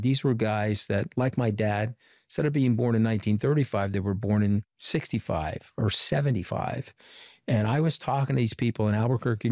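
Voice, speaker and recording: A middle-aged man from Long Island, giving an interview as a former communications director and telling animated stories with quoted dialogue. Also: on the low side, dry recording, studio quality. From Long Island, New York. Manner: animated storyteller who quotes people in dialogue. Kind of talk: conversational storytelling interview.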